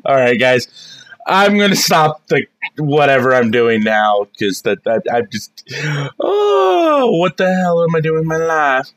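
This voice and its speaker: A woman vlogger with a raspy, smoker-like voice, talking in a chaotic, self-mocking way, swearing and bursting into shrieks. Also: low voice, wildly swooping pitch, unhurried. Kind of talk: chaotic casual vlog with shouted singing along.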